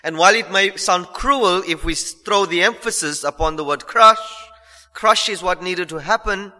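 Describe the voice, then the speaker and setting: A man preaching a sermon, earnest and emphatic, repeating phrases and slowing down on key lines. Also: high voice, bright, forceful tone. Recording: long hall reverb.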